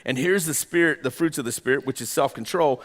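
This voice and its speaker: A man's voice: medium pitch, a little fast, long reverb tail. A man in his thirties preaching a sermon in a conversational way, repeating phrases and acting out imagined voices. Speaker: pastor.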